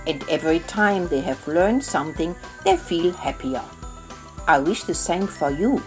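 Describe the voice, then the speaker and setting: A middle-aged woman telling a children's story in a gentle, unhurried way. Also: lowish voice, animated, faint music behind.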